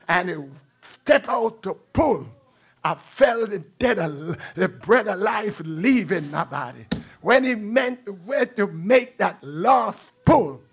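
A man's voice: high-pitched, husky. An older man preacher giving a fervent testimony sermon in a church, with repeated exclamations. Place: church sanctuary.

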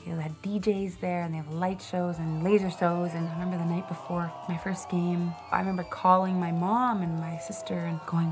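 A woman's voice: on the low side, steady tone, a little fast, hardly any pauses. A woman in a documentary interview, telling a personal story reflectively with casual fillers.

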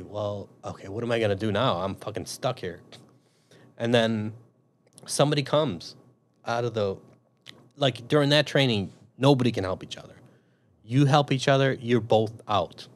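A Chicago man with a lowish voice, an army veteran who is also a police officer, tells a long story in a casual interview at a moderate pace, pausing often over slight background noise. He swears freely and animatedly acts out what he was thinking back then.

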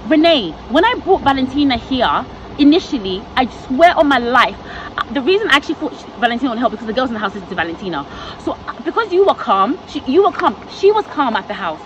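A woman hosting a show, trying to calm a heated argument by pleading and explaining, with muffled lo-fi sound. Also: high-pitched, fast, noisy background. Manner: pleading, explaining, keeps trying to get a word in. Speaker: show host. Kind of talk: heated confrontation.

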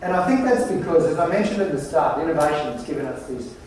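A man's voice: a little high, expressive, fast, darkish tone. Man, conference talk, anecdotal and wry, very echoey large hall, faint background noise. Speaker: conference presenter. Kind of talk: humorous storytelling keynote. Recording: very echoey hall, distant mic.

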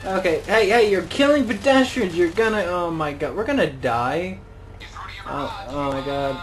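A man's voice: high voice, lively intonation, unhurried, faint music behind, rough recording. A young man giving casual gameplay commentary as a channel host, rambling and joking and muttering exclamations to himself.

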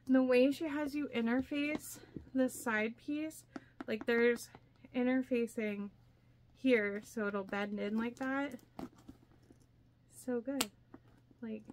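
A young woman vlogger chatting casually as she shows her handmade bags, with lots of fillers and excitement. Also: on the high side, a little hiss or hum. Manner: chatty, filler-heavy, enthusiastic. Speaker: crafting vlogger. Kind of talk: casual show-and-tell vlog.

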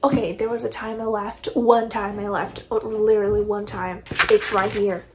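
A woman's voice: medium pitch, little pitch movement, normal speed, background noise. A young woman, ranting dramatically and exasperatedly about a book in a casual reading vlog. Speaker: book vlogger.

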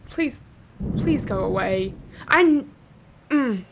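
A woman playing a horror game, talking to herself nervously and joking to calm her nerves. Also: fairly high pitch, a little slow, pauses often, noisy background. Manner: nervous, talks to herself, jokes to cope. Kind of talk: casual let's-play commentary. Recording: game music playing behind. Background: game music.

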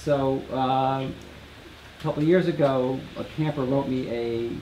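A man, the camp director, talking informally to campers and telling a story in a relaxed way, with small restarts. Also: mid-range voice, takes it slowly, a little hiss or hum, low-quality recording.

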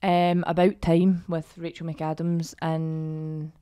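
A woman's voice: deep voice, flat delivery, slow, warm tone, smooth. A woman, chatting on a podcast, rambling and full of fillers. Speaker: podcast co-host. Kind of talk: casual chat.

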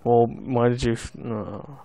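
A man's voice: medium pitch, steady tone, unhurried, vocal fry, warm tone, a little hiss or hum. A young man joking and mocking his friend during a co-op game. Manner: jokey, mocking. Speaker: game commentator. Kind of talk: casual gaming banter.

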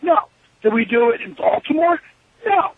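A man guest telling wrestling stories over the phone, profane and animated, acting out other people's lines as he goes. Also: very high-pitched, moderate pace, creaky, slightly rough, no room sound. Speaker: wrestler being interviewed. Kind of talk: profane storytelling interview. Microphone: telephone. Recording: tinny phone line.

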